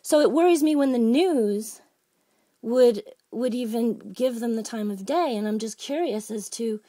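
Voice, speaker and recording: A woman's voice: on the high side, measured pace, mellow, no echo, clean studio sound. Agitated rambling woman caller. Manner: rambling, agitated, many restarts. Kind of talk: phone-in complaint.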